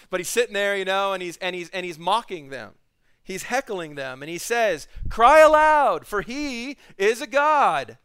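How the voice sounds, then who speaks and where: A man preaching, his voice high and bright, with a clear, smooth tone. He swings between raised scripture reading and relaxed, chatty asides, all heard close and dry. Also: no room sound. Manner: reads scripture aloud in a raised voice, then comments casually with laughs. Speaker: pastor. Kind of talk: sermon.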